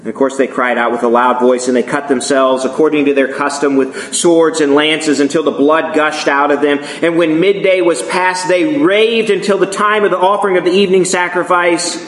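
An earnest preacher delivers a sermon, his fairly high voice ringing through a reverberant church room. He retells scripture with drama and restarts words as he goes. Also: fairly even intonation, normal speed, hardly any pauses. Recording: echoey room.

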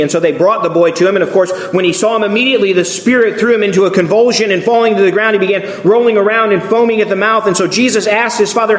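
A man's voice: high-pitched, fast, few pauses, roomy sound. A man preaching a sermon as pastor, reading scripture aloud and acting out the quoted voices with feeling.

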